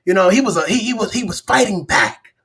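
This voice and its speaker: A man's voice: high voice, lively intonation, fairly quick, fairly bright tone, husky. A man hosting a live-stream talk show, chatting casually and animatedly, often acting out other people's voices. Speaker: livestream show host.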